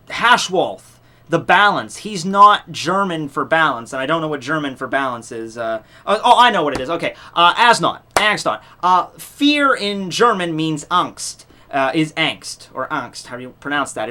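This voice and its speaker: A young man with a fairly high, bright and forceful voice talks straight to his viewers about a fan contest. He rambles along casually, full of "uh" and "like", and cuts himself off to start again. He drops the odd swear word in passing. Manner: rambling, many fillers and restarts, casual swearing. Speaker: YouTube channel host running a fan contest. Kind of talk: casual unscripted talk to viewers.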